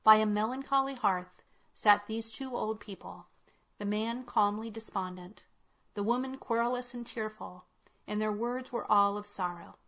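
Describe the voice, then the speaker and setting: A woman narrating a classic tale in a measured, unhurried reading. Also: medium pitch, a bit bright. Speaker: audiobook reader. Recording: dull lo-fi recording.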